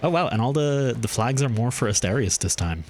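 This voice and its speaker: A man of middling pitch streams a game from his home room, narrating his choices in a loose, talkative way. He thinks aloud and swings up in pitch at small surprises. A faint hum sits behind the desk mic. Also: lively intonation, brisk, darkish tone. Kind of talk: casual gameplay commentary.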